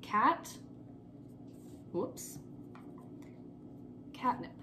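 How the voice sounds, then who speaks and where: Young female teacher, unhurried and patient, spells words aloud for kids, noisy home recording. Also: sharp tone. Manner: slow, patient, repeats words and spells them letter by letter. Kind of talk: remote spelling lesson for young children.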